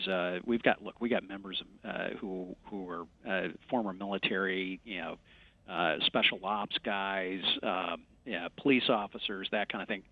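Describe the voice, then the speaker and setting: A man with a very low voice talks haltingly, stopping often on fillers and restarting his sentences. The sound is dull and muffled. It is also dry, with no room echo. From West Michigan. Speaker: congressman. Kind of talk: remote news interview.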